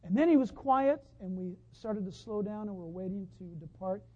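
A man preaching a sermon, telling a story as he goes, dropping from hushed to loud excited outbursts. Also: sits high, normal speed, highs cut off. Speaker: pastor.

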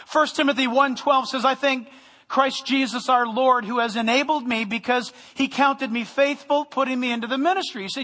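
High bright-voiced pastor preaching in a hall. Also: male voice, normal speed. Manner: animated preaching with humor, sometimes loud. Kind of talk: sermon. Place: church sanctuary.

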